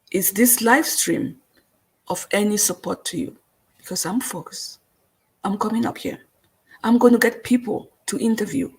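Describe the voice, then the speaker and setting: A woman's voice: mid-range voice, vocal fry, breathy edge. A woman hosting a live stream, reading viewer comments and speaking in an earnest, repetitive way, with a noticeable accent. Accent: non-native English.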